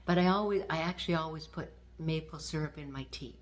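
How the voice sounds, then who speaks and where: A woman in her sixties from Canada, hosting her own vlog and talking to the camera in a gentle, unhurried way with fillers. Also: deep voice. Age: 60s. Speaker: vlog host. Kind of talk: casual talk to camera.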